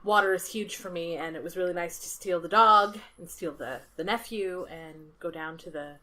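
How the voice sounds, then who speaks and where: Bright, low-pitched woman. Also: normal speed. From Ontario, Canada. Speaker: podcast co-host. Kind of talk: casual chat.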